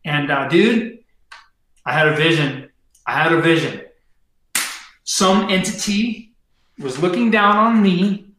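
A man's voice: on the high side, slow, pauses often, a bit bright, a little hiss or hum. A middle-aged man, a podcast guest, telling a story casually in slangy talk full of fillers. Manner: slangy, heavy on fillers and "dude". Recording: very echoey room.

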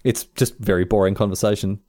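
A young man with an Australian accent, co-hosting a casual podcast and animatedly acting out quoted lines. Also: fairly quick. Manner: animated, jumps into high voices for quoted lines. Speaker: podcast co-host.

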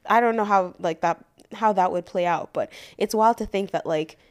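A woman's voice: mid-range voice, moderate pace, a little mellow. A young woman co-hosting a podcast, chatting frankly and casually with plenty of fillers. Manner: candid, frank and profane, many fillers. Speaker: podcast co-host. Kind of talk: casual chat.

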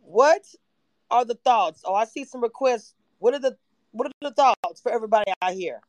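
A woman hosting a livestream, chatting animatedly and excitably about a reality show, sometimes breaking into shouts and laughter. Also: a little high, normal speed, no room sound. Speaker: livestream host. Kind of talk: casual reality-TV recap chat.

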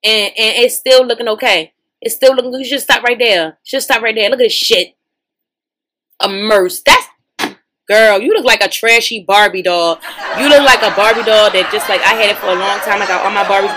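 A woman hosting a podcast, giving sassy, profane, animated reaction commentary in as she scrolls social media. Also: mid-range voice, normal speed.

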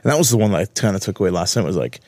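A man co-hosting a podcast in casual chat, jokey and quick to laugh along. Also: deep voice, lively intonation, a little mellow, dry recording, clean studio sound. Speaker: podcast co-host.

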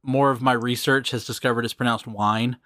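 A man's voice: medium pitch, quick pace, no room sound, clean studio sound. A man hosting a podcast, chatting casually and walking through background facts. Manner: relaxed, explains background facts. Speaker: podcast host.

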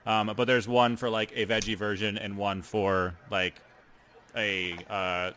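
A man narrating a tabletop game as game master, describing scenes haltingly with many fillers. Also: fairly low pitch, flat delivery, sharp tone, a little hiss or hum.

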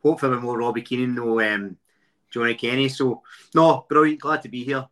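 A man's voice: mid-range voice, fairly even intonation, brisk, a bit bright. A man, a podcast guest who chats in a jokey, upbeat way. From Glasgow, Scotland. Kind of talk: casual podcast chat.

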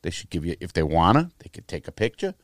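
A man's voice: low-pitched, fast talker, dry recording, studio quality. Blunt, foul-mouthed middle-aged man. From United States. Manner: profane, blunt storytelling with lively quoted voices. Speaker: guest telling his life story. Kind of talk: casual chat.

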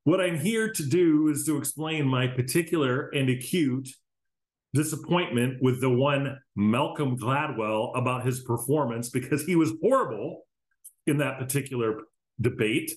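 A man hosting his own podcast, ranting casually with plenty of profanity. His voice sits at an ordinary mid pitch. It bounces around a roomy, echoing space. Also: normal speed. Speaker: podcast host. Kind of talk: solo podcast commentary. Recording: roomy echo.

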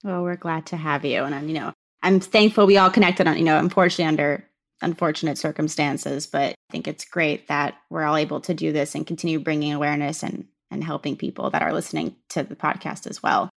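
A woman with a very low, gravelly voice hosts a podcast interview. She speaks graciously, welcoming her guests and posing gentle questions. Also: fairly even intonation, fast. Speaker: podcast host. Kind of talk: interview hosting.

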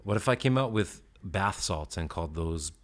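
Chill guy with a really low voice, podcast host just shooting the breeze, cussing a lot, kinda winded. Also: expressive, normal speed. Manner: laid-back, swears freely, rambling with fillers. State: out of breath after push-ups. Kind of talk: casual solo podcast chat.

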